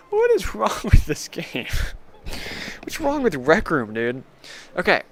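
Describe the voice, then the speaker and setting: A man's voice: fairly high pitch, fairly bright tone. A young man streaming a video game, rambling casually, laughing often and mocking himself. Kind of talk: casual gaming commentary.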